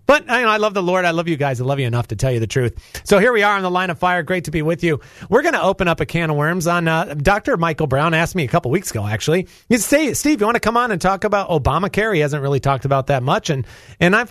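A charged-up North Carolina man, guest-hosting Christian talk radio, delivers a preachy, emphatic monologue in a voice a bit high for a man. Recorded on a studio microphone, the sound is dry and close, with no echo or room around it.

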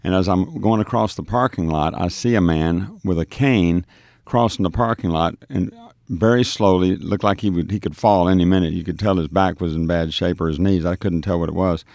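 Deep-voiced man telling a story. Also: moderate pace, vocal fry, a little mellow, no echo. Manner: storytelling, acts out quoted dialogue, frequent restarts. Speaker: street minister. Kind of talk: telling a testimony on a radio show.

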